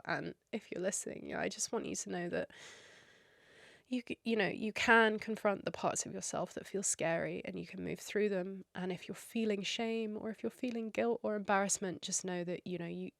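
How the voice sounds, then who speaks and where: Teary woman podcasting solo, earnest and encouraging, lots of vocal fry, dry sound. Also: mid-range voice, normal speed, dry recording. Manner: earnest, encouraging, talks straight to listeners. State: tearful. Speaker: podcast host.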